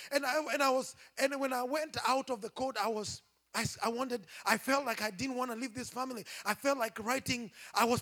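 A man preaching as he tells a dream, emotional and halting, moving from whispers to a raised voice. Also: extremely high pitch, pushed and bright, husky. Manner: emotional, halting, with many restarts; swings between whispering and raised voice. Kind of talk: sermon testimony.

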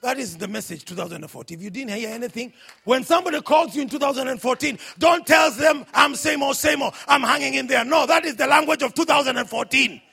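A male pastor preaching a sermon, shouting his exclamations and throwing questions at the congregation. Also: extremely high pitch, fast talker, creaky, husky.

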